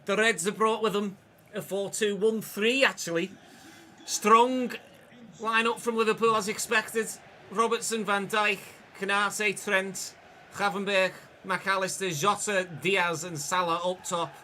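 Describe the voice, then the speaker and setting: A man's voice: high-pitched, steady tone, measured pace, sharp tone, slight background noise. A man doing a put-on Scouse accent as a football commentator announcing the lineups. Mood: upbeat. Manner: announcing lineups like a match-day presenter. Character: upbeat Liverpool-accented male football commentator.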